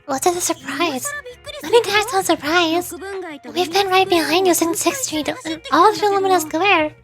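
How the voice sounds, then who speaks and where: A woman reading the lines of an earnest young heroine, bright and a little exasperated, over game music. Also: extremely high pitch, normal speed, pitched above the performer's own voice. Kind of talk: reading game dialogue aloud.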